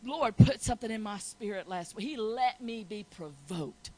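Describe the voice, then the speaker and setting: A woman preaching a sermon, building from quiet storytelling to loud, shouted preaching. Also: medium pitch, expressive, normal speed, slight background noise, low-quality recording.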